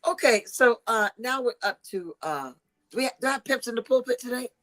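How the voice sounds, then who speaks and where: Woman host, comedy chat; bright, sharp tone, loud, laughing, playfully crude. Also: on the high side, expressive, brisk, poor audio. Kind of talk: casual raunchy comedy chat.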